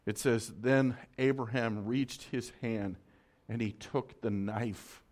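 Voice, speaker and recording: Brief: male preacher of middle pitch telling a story from the pulpit, intense and dynamic, dropping to a hush. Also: steady tone, slow, slight background noise. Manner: dramatic, swings from loud urgency to soft hush. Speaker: pastor. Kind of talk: sermon storytelling.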